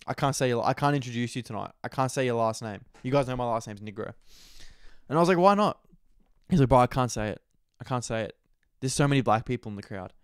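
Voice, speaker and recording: A man's voice: mid-range voice, smooth, no echo, studio quality. A young man, a stand-up comedian casually telling a rambling story full of swearing and fillers.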